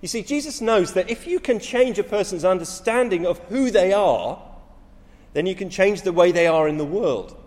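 Guy preaching, kinda high voice, tells stories with lots of punch, long church echo. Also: normal speed. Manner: animated storytelling with rising emphasis and frequent restarts. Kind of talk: sermon.

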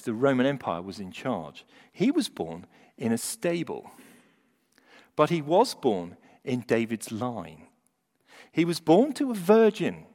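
Animated male preacher in a reverberant hall. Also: a little high. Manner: animated, rising and falling for emphasis. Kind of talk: sermon.

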